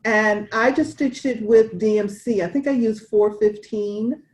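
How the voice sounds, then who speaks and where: A woman's voice: a little high, fairly even intonation, unhurried, darkish tone, low-quality recording. A woman co-hosting a casual cross-stitch chat, chatty and wandering, with restarts. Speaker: cross-stitch podcast co-host.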